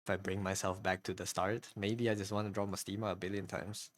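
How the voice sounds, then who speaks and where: Hesitant, rambling low-voiced man. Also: level tone, fast talker, dry recording. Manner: hesitant and rambling, with frequent restarts and repeated words. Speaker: streamer and artist. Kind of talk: casual live-stream chat while drawing.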